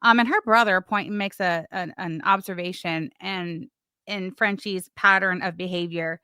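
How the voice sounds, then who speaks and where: A woman's voice: fairly low pitch, fairly even intonation, a little slow, sharp tone, clear, resonant tone, no room sound, studio quality. A woman hosting a casual livestream, chatting and reading messages with sarcastic asides. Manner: chatty, sarcastic, talks to chat while doing other things. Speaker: livestream host.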